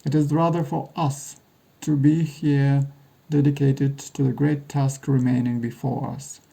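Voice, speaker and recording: Man playing a male guide declaiming a grand speech solemnly, gravelly dark voice. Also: medium pitch, flat delivery, a little slow, low-quality recording. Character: male guide reciting a famous old speech.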